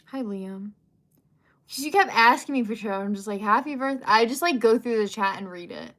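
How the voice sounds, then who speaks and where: A woman's voice: mid-range voice, normal speed, fairly bright tone. Young woman, livestream host, casual chat, reading comments, filler-heavy, giggly.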